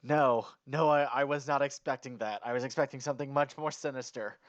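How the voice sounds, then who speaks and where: A man playing a tabletop game, excitable, laughing often and swearing in casual chat. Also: mid-range voice, a little fast, lo-fi sound. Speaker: player.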